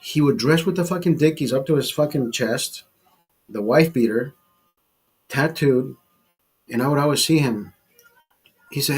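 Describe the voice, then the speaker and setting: A man's voice: medium pitch, measured pace, long pauses, husky. A man of fifty ranting in a casual monologue, blunt and profane, often restarting and repeating his words. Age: 50s. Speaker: vlogger.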